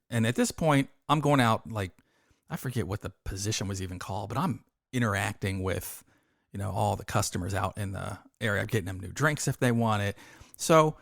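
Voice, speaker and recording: A man in his fifties with a fairly low voice trades stories on a podcast, putting on the voices of people he quotes. The sound is dry and close to the mic. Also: gravelly, no echo. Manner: animated, acts out quoted voices. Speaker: podcast co-host. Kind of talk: casual storytelling chat.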